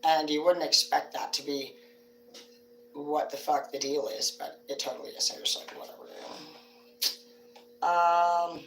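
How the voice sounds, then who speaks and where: A woman with a slightly low voice chats on her livestream, drifting from one story to the next and swearing as she goes. She sits some distance from the mic in a roomy, echoing space. A faint background hum runs under her talk. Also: steady tone, a little slow, long pauses, a bit bright. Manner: rambling, profane storytelling. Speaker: livestream host. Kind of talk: casual livestream chat.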